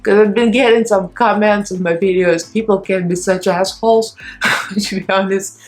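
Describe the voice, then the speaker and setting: Woman, thirties, casual get-ready-with-me vlogger; shaky, strained voice, candid and rambling, mid-range pitch. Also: fairly even intonation, moderate pace, faint music behind. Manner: rambling, candid, laughs between phrases. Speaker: beauty vlogger and fitness instructor. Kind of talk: chatty get-ready-with-me vlog. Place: home beauty desk.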